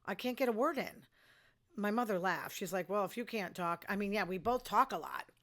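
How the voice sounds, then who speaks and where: An older woman hosting her own show, chatting bluntly about the news and her personal life and quickly getting outraged. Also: mid-range voice, expressive, a bit bright. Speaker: show host. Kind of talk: casual news commentary.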